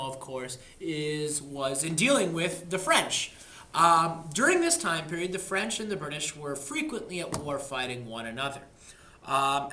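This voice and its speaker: A man's voice: fairly high pitch, sharp tone. A man teaching history in a casual lecture, chatty and jokey, using slang. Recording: echoey room.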